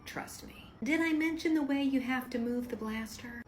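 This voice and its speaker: A woman in her thirties telling funny family stories in a casual, animated way, swearing freely and acting out the quotes. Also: high voice, moderate pace, a little hiss or hum. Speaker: comedic storyteller. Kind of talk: casual comedic storytelling.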